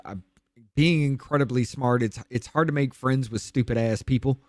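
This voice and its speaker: A man guest on a podcast candidly telling a hard personal story, blunt and profane, his voice dropping low and quiet on the painful parts. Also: moderate pace, a little hiss or hum.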